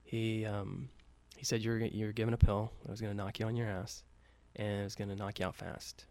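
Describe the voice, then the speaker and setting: A man's voice: lowish voice, level tone, a little fast, darkish tone. A man telling a story casually, with loose profane talk and many fillers, acting out the quoted lines lightly.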